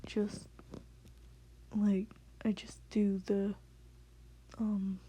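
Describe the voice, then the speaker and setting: A woman giving a casual spoken voice lesson from home at night, in a hushed, half-whispered way with many fillers. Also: medium pitch, completely flat delivery, drawn-out words, slight background noise, rough recording. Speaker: voice tutorial creator.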